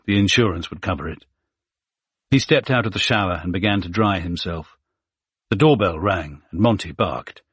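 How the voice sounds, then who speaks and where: A man reads a suspense thriller aloud in a steady, measured manner. His voice is husky and sits fairly low. The recording is dry and close, with no room sound. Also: no echo. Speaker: audiobook narrator. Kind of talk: scripted thriller narration.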